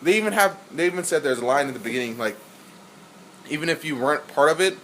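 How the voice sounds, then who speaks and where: A man chats loosely about a film, excitable and full of filler words. His voice sits a bit high. A faint background noise runs under it. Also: quick pace, low-quality recording. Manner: rambling, excitable, fond of filler "like". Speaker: podcast co-host, film reviewer. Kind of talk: casual movie review chat.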